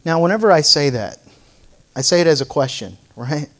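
A man's voice: on the high side, expressive, moderate pace, fairly bright tone. A middle-aged male pastor preaching a sermon, moving from playful storytelling to fervent exhortation.

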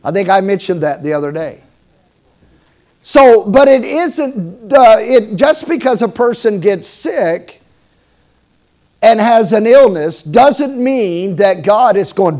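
A middle-aged man preaching a sermon, telling stories with humor and emphatic swings in loudness. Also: high-pitched, animated, slow pace. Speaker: pastor.

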